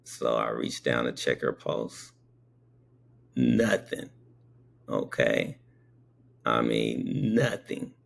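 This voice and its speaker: Gravelly, slow-talking male storyteller. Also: rumbling low, sing-song. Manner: emphatic, punctuated with rhetorical "okay?". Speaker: paramedic. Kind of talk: spoken anecdote.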